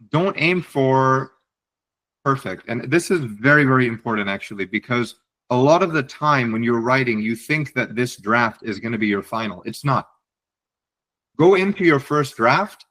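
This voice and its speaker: A man's voice: mid-range voice, fairly bright tone, poor audio. A man presenting a webinar, a psychiatry fellow giving direct, encouraging writing advice over a video call, often repeating words as he restarts.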